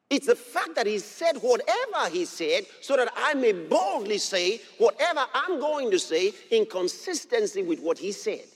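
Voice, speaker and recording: Emphatic high-voiced male preacher in a reverberant hall. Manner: emphatic, repeats phrases, rises to shouts. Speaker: pastor. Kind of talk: sermon.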